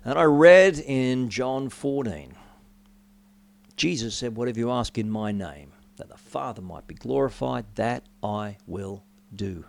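A middle-aged man preaching a personal testimony. He tells his story with sweeping changes, rising high and loud, then dropping to near hush. His pitch sits in an ordinary male middle range. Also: expressive, a little slow, vocal fry. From Australia. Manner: storytelling with dramatic swings in pitch and volume. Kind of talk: sermon testimony.

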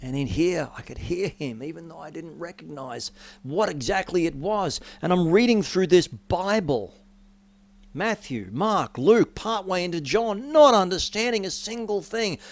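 A middle-aged man giving a sermon testimony, telling his story with dramatic rises and drops in pitch and volume. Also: animated, a little slow, creaky, no room sound. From Australia. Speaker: preacher.

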